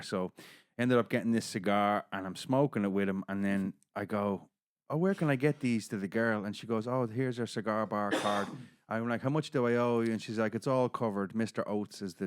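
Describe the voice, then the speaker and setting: A middle-aged Irish man with a lowish voice spins a story in casual podcast chat, swearing and acting out the quotes. The sound is dry and close, with no room echo. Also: fairly even intonation, a little fast, smooth. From Ireland. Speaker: podcast host.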